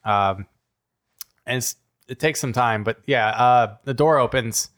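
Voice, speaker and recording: Male game master, easygoing narrator, halting casual delivery. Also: medium pitch, a bit bright. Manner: casual, hesitant, many fillers and laughs.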